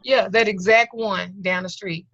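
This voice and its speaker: A woman's voice: mid-range voice, fairly even intonation, a little slow, noisy background. A woman, teaching an online occult class and telling blunt, profane stories. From Southern United States. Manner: blunt, profane, theatrical storyteller. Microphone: video call. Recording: dull lo-fi video-call audio.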